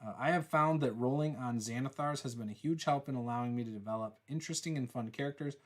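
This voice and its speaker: Relaxed, teasing man at a middle pitch. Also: fast talker. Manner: relaxed, teasing, rambling with fillers. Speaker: host, game master. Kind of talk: casual chat, reading viewer comments.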